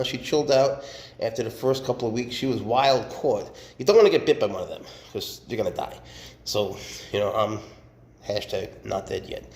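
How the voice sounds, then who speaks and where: Here a man with a mid-range, darkish voice talks about the exotic animals he keeps in a casual vlog, recorded with a roomy sound. He's chatty and warm, frequently cooing at his creatures.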